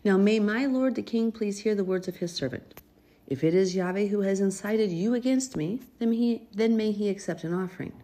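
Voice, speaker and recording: A woman's voice: medium pitch, normal speed, mellow. A woman reading a Bible passage aloud and stopping often to explain it in an earnest, chatty way. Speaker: Bible teacher.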